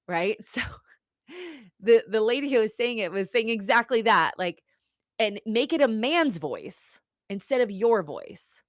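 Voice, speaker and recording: A woman's voice: medium pitch, lively intonation, measured pace, fairly bright tone, dry recording, clean studio sound. A woman hosting a live-streamed podcast as a therapist, chatty and rambling, laughing often and swearing casually. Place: home setup on a live stream. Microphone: computer mic on a video stream.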